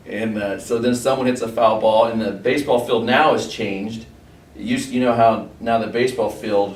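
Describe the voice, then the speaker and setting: A middle-aged man casually recounting his school baseball days in a relaxed, rambling way, full of quoted back-and-forth. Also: on the low side. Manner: relaxed, rambling anecdotes with fillers and quoted dialogue. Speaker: former athlete recalling school days. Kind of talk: casual storytelling. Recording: roomy, distant mic with faint background noise.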